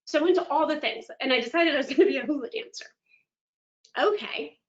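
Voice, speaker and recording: A woman motivational speaker giving a virtual keynote, telling stories in an animated, dramatic way. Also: high-pitched, fast talker. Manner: animated, dramatic storytelling with laughs. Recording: echoey room, dull lo-fi sound.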